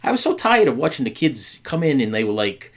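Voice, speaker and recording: A man's voice: medium pitch, very animated, fairly quick. A middle-aged man hosting a podcast, telling a story to his wife in a candid chat, stumbling over and repeating words with many fillers and acting out the people he quotes. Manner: earnest, acts out quoted voices. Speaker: podcast host.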